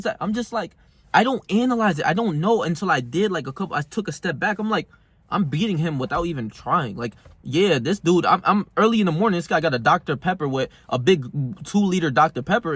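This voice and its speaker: Young male self-help vlogger, husky, fairly high voice, dry close sound, brash and profane. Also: lively intonation, brisk, fairly bright tone, dry recording. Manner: brash, slangy, heated, profane. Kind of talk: casual monologue to camera.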